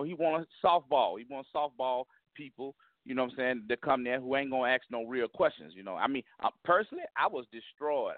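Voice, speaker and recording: A man's voice: medium pitch, no room sound, phone-quality sound. A man, a comedian calling into a radio show, speaking emphatically and repeating himself as he makes his points in street slang. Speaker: comedian guest. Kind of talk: phone interview.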